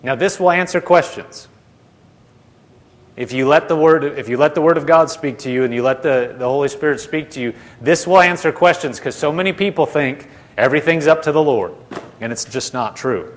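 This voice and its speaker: A man's voice: on the high side, moderate pace. A man preaching a sermon, telling a story with emphatic repetition. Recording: long reverb of a large hall.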